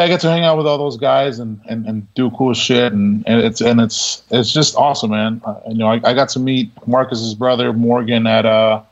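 Gravelly-voiced veteran telling a story. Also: male voice, medium pitch, highs cut off. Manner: laid-back, laughing, full of quoted dialogue. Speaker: military veteran guest. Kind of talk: casual storytelling interview.

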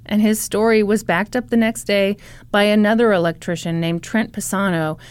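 A woman's voice: mid-range voice, steady tone, normal speed, clear, resonant tone. A woman co-hosting a podcast, telling a true-crime story casually with sarcastic, laughing asides and swearing.

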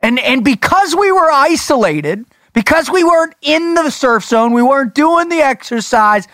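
A man co-hosting a podcast, telling a story in an animated, emphatic way. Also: very high voice, normal speed, dry recording, clean studio sound. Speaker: podcast co-host. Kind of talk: casual storytelling chat.

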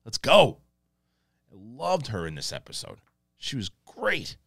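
A man with a fairly low voice reviews a TV episode in a loose, rambling way. His pitch swings widely as he gets excited and acts out scenes. The sound is dry, with no room echo. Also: normal speed, gravelly. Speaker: TV show reviewer, host. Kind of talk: casual spoken review.

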